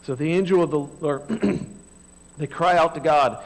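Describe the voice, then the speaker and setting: A middle-aged male pastor delivers a sermon in a conversational way, with a voice set a little higher than most men's. He drops to quiet, low passages, then climbs loud and high when voicing God and the people. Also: measured pace, low-quality recording.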